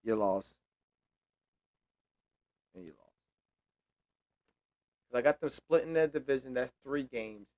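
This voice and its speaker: A man's voice: mid-range voice, animated, slow, pauses often, darkish tone, dry recording. A young man hosting a sports show, making casual predictions alone, with loose, repetitive trash talk and free swearing.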